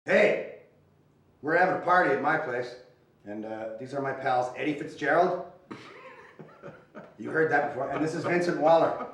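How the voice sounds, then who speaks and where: A man's voice: a little high, normal speed, long pauses, fairly bright tone, heavy reverb. A man hosting, giving an upbeat informal introduction and speaking straight to fans, recorded from a distant mic. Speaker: host. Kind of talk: casual introduction to camera.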